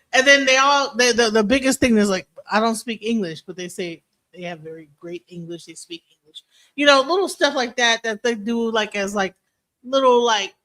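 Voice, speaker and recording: A woman from Detroit hosting a streamed talk show, talking bluntly and swearing freely as she tells animated stories. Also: mid-range voice. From Detroit, USA. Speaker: DJ and stream host.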